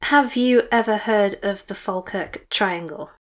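A woman's voice: mid-range voice, a little slow, a bit bright. A woman co-hosting a podcast, retelling a case in a chatty, teasing way. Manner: chatty, teasing, recommends and asks questions. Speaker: podcast co-host. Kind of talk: casual chat, retelling a case.

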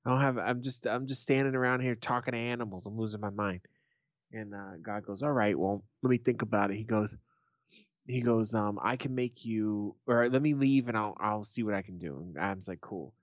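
A man co-hosting a podcast in casual comedic chat, swearing freely and acting out jokes with animated voices. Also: fairly low pitch, fairly quick, no echo, highs cut off. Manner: swearing, joke-telling with animated character voices. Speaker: podcast co-host.

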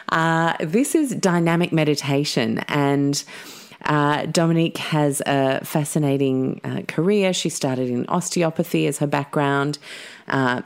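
A woman hosts a podcast and reads an ad. Her voice sits low, and she talks in an eager, chatty way with plenty of fillers. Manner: enthusiastic, chatty with many fillers. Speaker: podcast host. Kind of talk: podcast intro and ad read.

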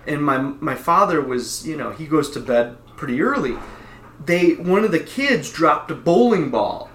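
A middle-aged man tells a rambling anecdote casually, restarting often and laughing a lot. His voice sits on the high side and is fairly bright, with lively intonation and a measured pace, and the recording has a roomy echo.

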